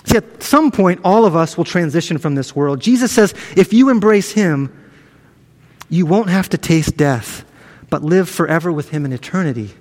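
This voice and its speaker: Male pastor, high voice, earnest conversational sermon delivery, recorded in a reverberant hall. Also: animated, normal speed, darkish tone. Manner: earnest, conversational preaching with frequent restarts.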